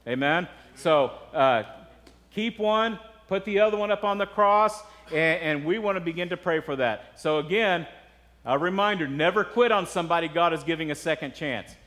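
A man's voice: fairly high pitch, normal speed, fairly bright tone, in a large hall. A man preaching a sermon as pastor, earnest and conversational, with frequent asides to the congregation.

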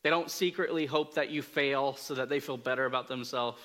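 Brisk and slightly bright, a medium-pitched male voice delivers a casual sermon. The preacher is conversational and self-deprecating, telling stories while often filling gaps and restarting his sentences.

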